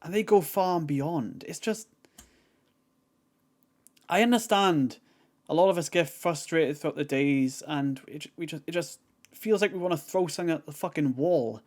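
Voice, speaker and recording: A man's voice: on the high side, moderate pace, a little mellow. A man hosting a reaction video, talking in a rambling, exasperated way with lots of fillers. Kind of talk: casual commentary.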